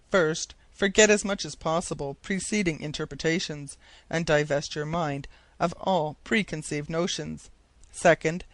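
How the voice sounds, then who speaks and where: A man's voice: fairly high pitch, fairly bright tone, dry recording. A man voicing an eager, talkative male geographer who explains his ideas insistently.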